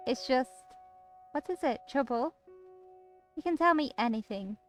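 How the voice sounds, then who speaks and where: A woman's voice: sits high, lively intonation, measured pace, a bit bright, soft background music, voice pushed up. A woman putting on a sugary, possessive young woman. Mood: doting. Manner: syrupy, fussing, possessive. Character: sweet, doting, controlling young woman. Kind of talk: reading a visual novel aloud.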